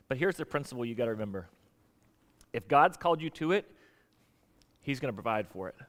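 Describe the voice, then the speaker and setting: A man preaching a sermon as pastor, animated and joking with the congregation in a church sanctuary. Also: fairly high pitch, fast, in a large hall.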